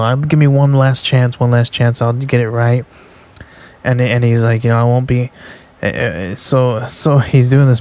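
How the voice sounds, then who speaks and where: A man in casual podcast talk, recapping a comic book scene by scene. He rambles, restarts his sentences and reads panel lines aloud in a fairly flat, even voice at a mid pitch. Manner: rambling, with many fillers and restarts, reading out panels. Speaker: podcast host reviewing comic books.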